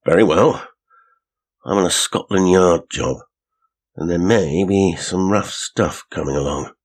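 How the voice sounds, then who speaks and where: Brief: male reader as brusque plainclothes cop, grim, few words, deep rough voice. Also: unhurried. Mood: grim warning. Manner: terse and grim. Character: curt, brusque male detective.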